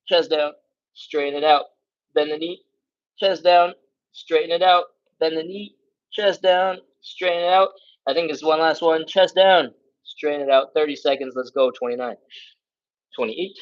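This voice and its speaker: A man's voice: fairly high pitch, highs cut off. Man coaching a stretch class, breathing hard. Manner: energetic, coaching cues and counting aloud; breathing hard, sighs and grunts while stretching along. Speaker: fitness instructor. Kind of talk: live stretching class instruction.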